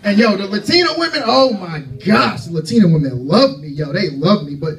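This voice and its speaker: A man in his thirties doing a loud, brash, profane stand-up set to a club crowd. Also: sits high, expressive, a little fast, distant mic. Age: 30s. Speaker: stand-up comedian. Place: comedy club stage.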